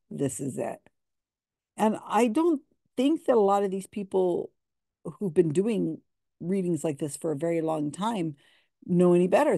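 A woman's voice: on the low side, creaky, mellow, dry recording, clean studio sound. A woman giving casual, sarcastic commentary with a skeptical edge. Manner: sarcastic, skeptical, laughs often. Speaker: commentator on psychic readings.

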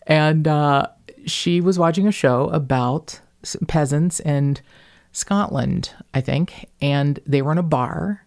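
A woman from Northern Kentucky with a slight accent from there, hosting a podcast and telling stories in a rambling, animated way. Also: low voice, a little slow, gravelly. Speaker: podcast host. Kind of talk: casual podcast chat.

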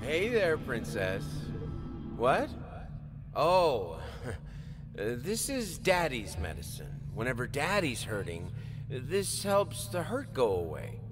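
A man voicing a troubled middle-aged painter and father in a game, talking slowly and wearily, sliding from gentle to pleading. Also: medium pitch, music in the background. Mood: soothing. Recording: reverberant hall with steady noise.

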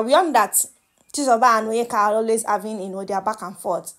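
A woman with a Nigerian accent chats her way through reality show gossip in a playful, talkative manner. Her voice sits a little high, and she drops into pidgin now and then. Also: quick pace, fairly bright tone. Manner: chatty and playful, mixing in pidgin and laughing. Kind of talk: casual gossip commentary.

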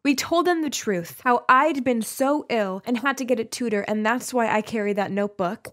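A young woman narrating an animated story in the first person as a teenage girl, with chatty storytelling. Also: fairly high pitch, moderate pace.

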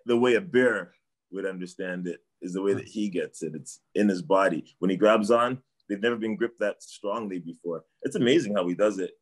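A man's voice: low voice, brisk. A middle-aged man from Canada, a martial arts trainer chatting casually as a guest, rambling and repeating himself. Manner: rambling, repeats himself, trails off with "I don't know". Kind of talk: casual sports chat.

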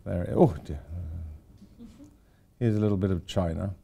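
A man's voice: low-pitched, normal speed, vocal fry, mellow, slight background noise. An older man, an architect giving an informal lecture, rambling through anecdotes with wry asides.

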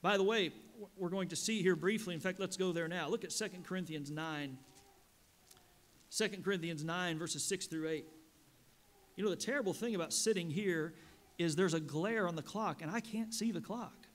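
A man preaching a sermon as a pastor in a church, reading scripture slowly and rising with emphasis. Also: sits high. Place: church sanctuary.

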